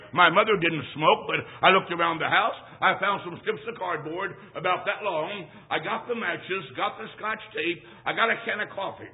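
A man preaching a sermon as a traveling evangelist, telling a funny boyhood story in a folksy, emphatic way with punchy repetition. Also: high voice. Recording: thin phone-like sound.

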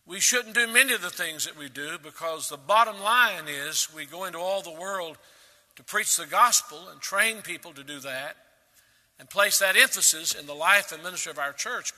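A man preaching a sermon, emphatic, with sudden loud rises and quiet drops. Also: sits high, expressive, normal speed, in a large hall. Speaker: pastor.

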